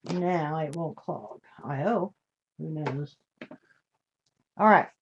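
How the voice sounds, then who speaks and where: A woman's voice: deep voice, slow, lo-fi sound, a little hiss or hum. An older woman hosting a live craft demonstration, chatting in a homey way and greeting viewers with endearments. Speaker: craft show host.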